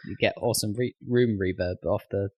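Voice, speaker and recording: A man co-hosting a casual podcast, teasing his friends and quick to laugh. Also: fairly low pitch, fairly even intonation, a little mellow, breathy edge. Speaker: podcast co-host. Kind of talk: casual chat.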